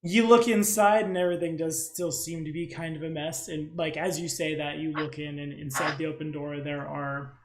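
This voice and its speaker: Echoey, higher-voiced game master. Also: male voice, flat delivery, normal speed, few pauses. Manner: casual, rambling, teasing. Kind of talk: narrating a tabletop game.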